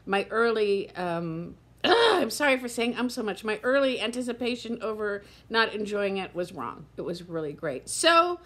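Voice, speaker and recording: A woman's voice: medium pitch, sing-song, moderate pace, a bit bright. A woman in her fifties talking candidly to camera in a chatty vlog, tired and close to tears. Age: 50s. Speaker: vlogger. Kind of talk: casual chat to camera.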